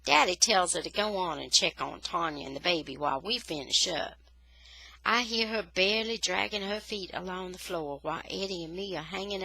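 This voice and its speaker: A woman reading a children's novel aloud in a lively, expressive storytelling style. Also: lowish voice, gravelly, low-quality recording. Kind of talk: expressive read-aloud narration.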